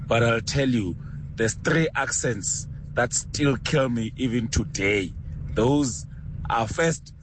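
A South African man with a Sesotho accent calls in to a radio show, talking with exuberant, animated enthusiasm. A faint hiss sits behind his voice. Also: mid-range voice, slow. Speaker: caller. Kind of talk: phone-in comment.

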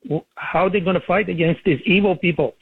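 A man calling in to a radio show, making an earnest argument with frequent pauses. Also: high-pitched, breathy edge, dry recording. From Iran. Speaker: caller. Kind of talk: phone call to talk radio. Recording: tinny phone line.

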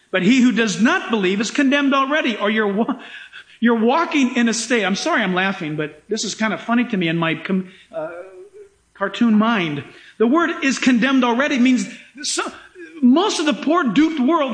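A male pastor with a very high voice preaches in an animated, emphatic way. A roomy echo hangs around his words in the hall. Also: normal speed. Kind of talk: sermon.

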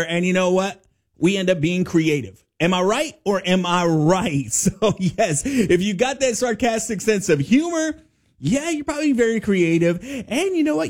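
A man hosting a morning radio show, upbeat and joking with quick asides. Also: sits high.

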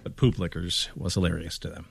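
A man's voice: sits low, level tone, fairly quick, creaky, breathy edge, dry recording. A man hosting a morning radio show, joking and teasing in casual banter into a studio mic.

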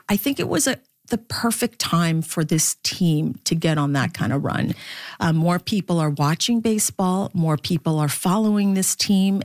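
A middle-aged woman sportscaster speaking as an interview guest, reflective and laughing easily. Her voice sits fairly low, and the recording is dry and close with almost no room sound. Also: a little mellow, dry recording. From Philippines, raised in Canada. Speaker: baseball broadcaster, interview guest. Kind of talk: candid conversational interview.

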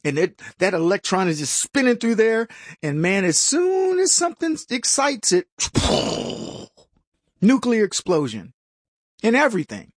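Animated husky-voiced man, sarcastic host. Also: sits high, unhurried, long pauses, no room sound, clean studio sound. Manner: sarcastic and mocking, with stumbling restarts; laughs at his own jokes. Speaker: political talk show host. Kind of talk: opinionated commentary monologue.

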